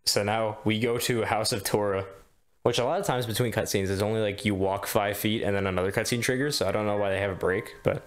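A man's voice: lowish voice, steady tone, fast. A man chatting casually and joking as he streams a game's cutscenes. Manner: chatty, joking, laughs often. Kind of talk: casual commentary over cutscenes. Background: faint game music.

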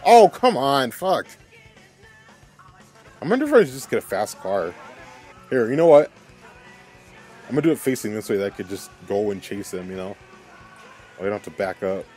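A young man giving casual let's-play commentary, excitable and swearing as he plays. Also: lowish voice, fairly quick, long pauses, soft background music. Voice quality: excitable, swears and laughs often.

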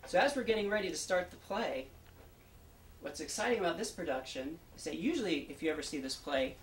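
This man's slightly high voice is expressive and fairly quick as he gives a chatty pre-show introduction in his role as an actor. He tells the backstory straight to the audience, captured in a roomy, distant recording with faint background hum.

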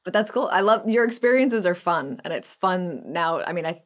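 A woman's voice: on the low side, expressive, moderate pace. A woman hosting a podcast interview, enthusiastic and encouraging toward her guest. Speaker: podcast host. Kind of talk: casual conversational interview.

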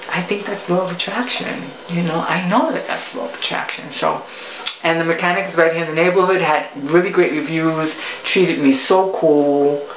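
A woman's voice: low voice, moderate pace, echoey room, slight background noise, rough recording. A woman, a cooking show host, telling a playful story in a casual vlog monologue. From Puerto Rico.

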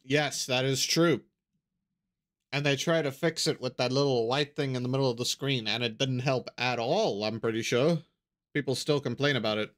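A man's voice: mid-range voice, normal speed, fairly bright tone. A man streaming a game live, casually chatting with his viewers, answering their messages and often repeating himself. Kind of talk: casual live-stream chat while gaming.

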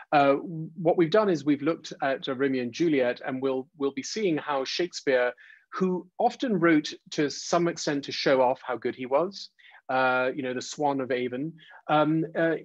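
Male webinar presenter, husky voice, lots of fillers, dry lo-fi call audio. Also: mid-range voice, no echo. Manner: frequent "uh" and "um", restarts; taps out rhythms aloud. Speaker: presenter leading a teacher training webinar. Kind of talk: informal online lecture.

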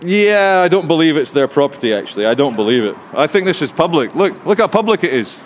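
A fast-talking man with a fairly high voice films on a city plaza outdoors, cheekily and animatedly arguing with security staff over his right to record. It's a confrontational street exchange, and a slight hiss or hum runs under the audio.

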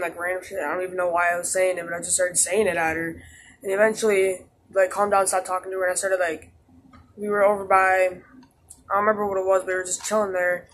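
A teenage boy rambles through a casual storytime vlog, filling it with "like" and restarting his sentences. His voice is high and a bit bright, with slight background noise.

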